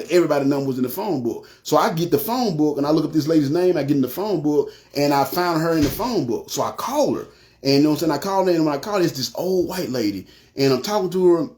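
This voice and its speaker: A man rattles off his testimony at a fast clip, his voice sitting slightly high. He keeps checking in with "you know what I'm saying" and acts out the other voices in the story. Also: warm tone. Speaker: testimony speaker.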